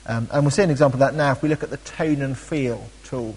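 A man teaching a Bible study, chatty and animated, with frequent ums and playful asides. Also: medium pitch, fast talker, breathy edge, long reverb tail, low-quality recording.

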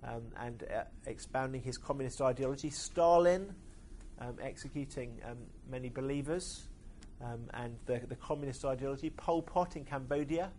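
A man preaching a sermon, pausing often with hesitant fillers. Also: mid-range voice, a little mellow, a little hiss or hum.

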